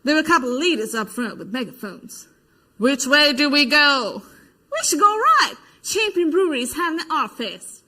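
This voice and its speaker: Brief: an actress as a female protester witness, high voice, vivid stage retelling that acts out quoted voices. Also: big pitch swings, moderate pace, pushed and bright, full character voice. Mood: recounting. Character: adult female protester giving eyewitness testimony. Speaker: stage actor. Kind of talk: verbatim theater monologue.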